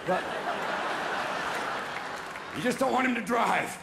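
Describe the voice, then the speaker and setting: A man doing stand-up comedy on a theater stage, talking rapid-fire and breaking into voices and shouted bursts. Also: very high-pitched, animated, gravelly. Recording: live theater recording with audience noise. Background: audience laughter and applause.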